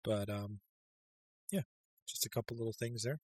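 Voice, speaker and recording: A man's voice: lowish voice, moderate pace, a little mellow, breathy edge, dry recording. A man giving a casual, rambling video game tutorial voice-over, full of ums and uhs. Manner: rambling, filler-heavy, with many ums and uhs. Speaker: game guide creator.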